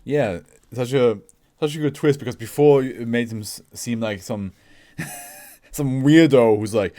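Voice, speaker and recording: A man's voice: lowish voice, takes it slowly, dark tone, no room sound. A man hosting a reaction video, talking casually, laughing often and slipping into mock voices.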